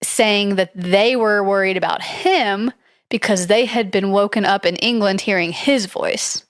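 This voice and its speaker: A woman's voice: medium pitch, unhurried, dry recording, clean studio sound. A woman co-hosting a podcast, casually retelling a ghost story from her notes, hedging often with "like" and "I don't know.". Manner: chatty, hedging, reads from notes with frequent likes and I don't knows. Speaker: podcast co-host.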